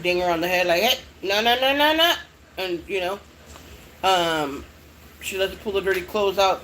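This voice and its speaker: A woman's voice: on the low side, fairly bright tone, a little hiss or hum, poor audio. A middle-aged mother chatting casually to her viewers, rambling and swearing often. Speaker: vlogger. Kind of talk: casual chat.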